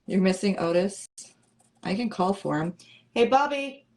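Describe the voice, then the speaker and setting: Middle-aged woman, craft livestream host, slightly low voice, easy playful chatter with the viewers. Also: steady tone, normal speed, darkish tone. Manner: chatty and playful, answers comments. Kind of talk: casual chat with live viewers.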